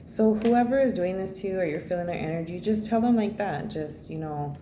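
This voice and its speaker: A woman's voice: on the low side, brisk, dark tone. A woman giving a casual spoken tarot reading, blunt and rambling, swearing freely and filling her talk with "you know" and "like.". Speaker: tarot reader. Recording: echoey room with faint noise.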